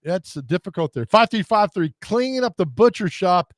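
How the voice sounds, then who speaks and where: A man's voice: high-pitched, animated, normal speed, no echo, clean studio sound. Chatty man hosting radio. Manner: rambling, jokey storytelling. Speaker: radio show host. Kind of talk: casual sports radio chat.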